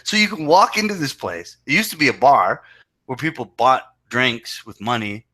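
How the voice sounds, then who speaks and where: A man's voice: mid-range voice, expressive, moderate pace, bright, forceful tone. A man co-hosting a casual chat podcast, talking in an incredulous, profane and emphatic way. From Canada. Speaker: podcast co-host.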